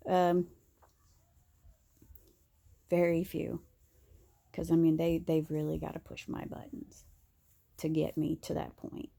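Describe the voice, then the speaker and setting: Woman vlogger, candid rambling chat, husky fry in a darker voice. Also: deep voice, level tone, slow pace, pauses often, mellow. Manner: candid and rambling, with many fillers and restarts. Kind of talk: casual monologue to camera.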